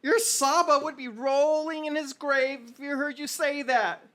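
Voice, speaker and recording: A woman's voice: high-pitched, steady tone, a little slow, a bit bright, a little hiss or hum, pitched above the performer's own voice. A woman voicing a bossy, nagging older mother who scolds and drops Yiddish words. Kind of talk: tabletop role-play voice.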